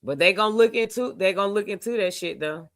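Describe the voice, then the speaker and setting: A woman's voice: mid-range voice, quick pace, dry recording. A woman hosting a livestream, giving blunt, slangy commentary on a case and often breaking into laughter. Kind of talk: casual reaction commentary.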